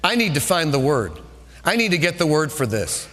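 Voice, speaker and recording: A desperate, worried father, as a preacher puts him on, his words quick and pressing. The voice sits fairly high. It rings through a large echoey hall. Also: big pitch swings, a bit bright.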